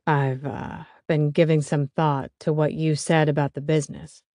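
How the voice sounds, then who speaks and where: A woman voicing a gruff older father and builder handing over his business, speaking in a halting, hesitant way. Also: deep voice, level tone, warm tone, dry recording, studio quality.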